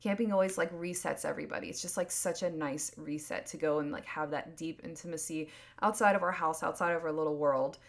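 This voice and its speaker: With a low-pitched voice, a woman in her thirties talks briskly and with few pauses on her solo podcast. It's a casual, earnest, wandering monologue riddled with "like" and restarts.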